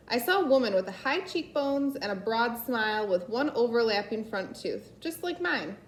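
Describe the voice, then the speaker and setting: Woman reading a story aloud in an echoey room. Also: medium pitch. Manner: unhurried reading with slips and self-corrections. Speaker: reader. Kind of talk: reading a children's novel aloud.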